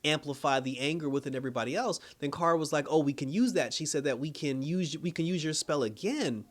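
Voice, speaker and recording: Speaking fast in a slightly high, somewhat bright voice, this man offers a loose, rambling take on a TV episode. Fillers like "like" and "you know" pile up, and he keeps chuckling as he goes over what happened.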